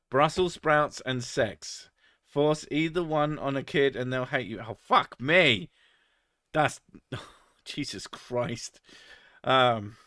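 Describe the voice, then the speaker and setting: A man chats with his stream and swears freely, laughing at his own crude jokes. His voice sits at a middle pitch. It comes through a close mic in a dry room. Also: a bit bright, no echo. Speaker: streamer reading chat. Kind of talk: casual live-stream chat.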